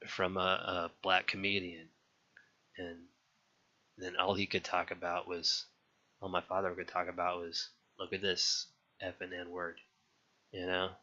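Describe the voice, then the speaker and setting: This young man's low voice comes across bright and forceful as he recalls his California childhood for an interviewer, casually and frankly, with frequent restarts and a bit of swearing. The sound quality is dull and lo-fi.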